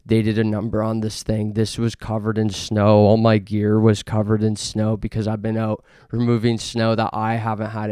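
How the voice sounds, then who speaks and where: A young man from Canada hosting a podcast, rambling through absurd tall tales in a deadpan way, full of fillers. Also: lowish voice, clean tone, no echo, clean studio sound. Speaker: podcast host. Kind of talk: deadpan comedic monologue.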